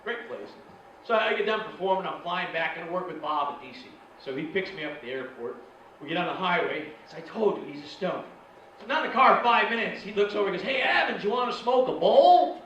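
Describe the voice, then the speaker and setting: Stand-up comic in an echoey club. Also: male voice, sits high, lively intonation, fast talker, pushed and bright, lo-fi sound, slight background noise. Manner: storytelling, acting out other people's lines. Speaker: stand-up comedian. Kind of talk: stand-up routine. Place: comedy club stage. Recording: echoey club, far mic, crowd laughter.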